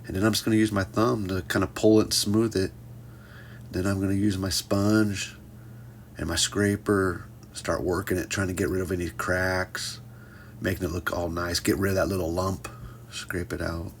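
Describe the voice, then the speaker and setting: A man's voice: low voice, level tone, normal speed, slight background noise. A man teaching a pottery class in a casual hands-on demonstration, joking with his viewers as he works. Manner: playful, jokey asides addressed to "folks".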